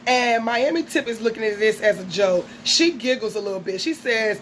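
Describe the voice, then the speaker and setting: A woman's voice: on the high side, lively intonation, normal speed, hardly any pauses, fairly bright tone, a little hiss or hum, poor audio. Chatty woman recapping gossip. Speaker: reality TV recapper. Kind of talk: casual recap chat.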